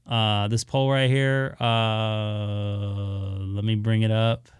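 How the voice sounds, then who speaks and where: Man, casual live-stream chat, smooth resonant voice, dry close sound, lots of uh fillers. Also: fairly low pitch, flat delivery, very slow, no echo. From Southern California. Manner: rambling, many "uh" fillers, easygoing. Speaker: ham radio live streamer.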